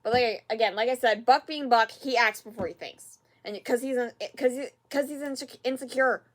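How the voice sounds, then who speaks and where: Reaction host, rambling casual talk, fillers, exasperated sighs, fairly high voice. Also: female voice, normal speed. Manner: rambling, many fillers and repeats; exasperated, sighing at the screen.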